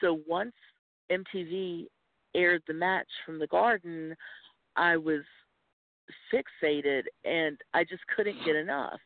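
A woman's voice: on the low side, slow, no room sound. A woman in her forties from North Carolina with a Southern accent, chatting and laughing as a podcast guest. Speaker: guest, wrestling commentator. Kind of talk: casual podcast chat. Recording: tinny phone-line audio.

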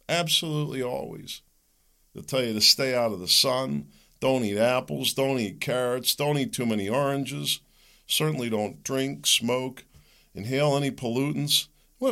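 A man's voice: mid-range voice, gravelly, sharp tone. A middle-aged man hosting a solo talk show, rambling, joking and opinionated in a conversational way. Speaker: podcast host.

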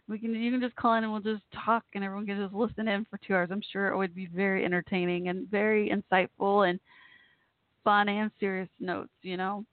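Fairly quick and flat in delivery, this mid-range female voice belongs to the host of a casual live call-in show. She chats in a friendly, meandering way with many fillers and restarts, over tinny phone-line audio with no echo.

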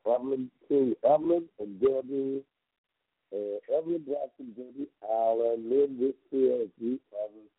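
Heard over a phone line on a radio show, a guest vocal coach tells a long story, unhurried and slightly rough-voiced, with no room sound. He is emphatic, repeats himself and jumps between pitch levels.

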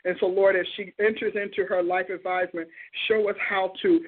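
A woman with a husky, slightly breathy voice leads a fervent prayer and then hosts the callers. She speaks in flowing, repeated phrases. The sound is thin and tinny, like a phone line. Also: medium pitch, level tone, brisk. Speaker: radio show host and prophet. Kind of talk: fervent spoken prayer and call-in hosting.

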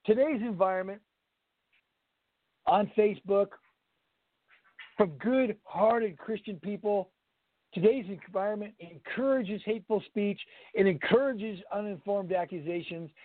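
A man's voice: high-pitched, dry recording. A man giving a Bible study lecture as instructor, emphatic, blunt and preachy. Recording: tinny phone-like, dry sound.

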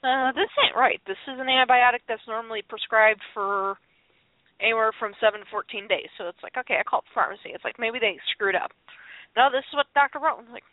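A woman's voice: fairly high pitch, steady tone, quick pace, no echo. A woman chatting casually as a podcast co-host, telling a long rambling story with frequent laughs and restarts. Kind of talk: casual chat. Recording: tinny phone-line audio, dry.

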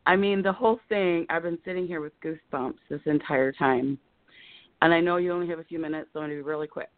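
Over a thin phone connection, a caller in her fifties talks quickly in a lowish voice, the recording dry. Fighting tears on the live call-in show, she rambles in emotional bursts.

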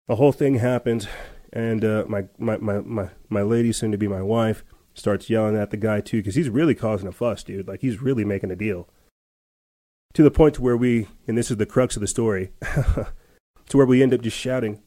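A man's voice: on the low side, fairly even intonation, moderate pace, mellow, no echo. A man hosting a podcast, telling a story in a rambling casual way with many restarts and laughs. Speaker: podcast host. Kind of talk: casual chat.

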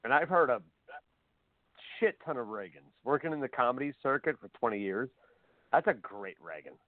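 A man, a comedian, chatting in a blunt, excitable way. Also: medium pitch, normal speed, no echo. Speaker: comedian co-host. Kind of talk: casual chat. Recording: dry phone line.

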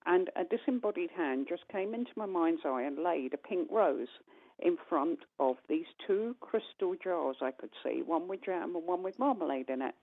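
A woman, a guest medium, telling a long personal story on a call-in radio show and acting out the dialogue with animated voices. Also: lowish voice, normal speed. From United Kingdom. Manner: animated, acts out quoted dialogue. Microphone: telephone. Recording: tinny phone line.

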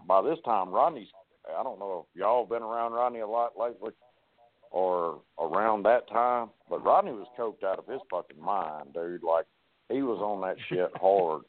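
A man with a drawl tells rowdy, profanity-laced stories, acting out each line of dialogue. His voice sits low and comes through a thin, tinny phone-like line. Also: moderate pace. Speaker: wrestler guest. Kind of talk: casual storytelling on a podcast.

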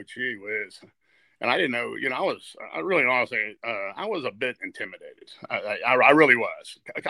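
An older man tells stories as a podcast guest, his voice gravelly and bright. He sounds earnest and halting, restarting and repeating words as he goes. The sound is close and dry. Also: medium pitch, no room sound. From West Virginia. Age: 60s. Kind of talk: storytelling in a podcast interview.

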